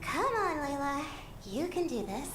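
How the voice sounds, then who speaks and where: A woman's voice: high-pitched, sing-song, a little slow, distant mic, background noise. An actress voicing a shy, sleepy young female scholar in game dialogue who turns hesitant and stammers when flustered. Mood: earnest. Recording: game audio under music.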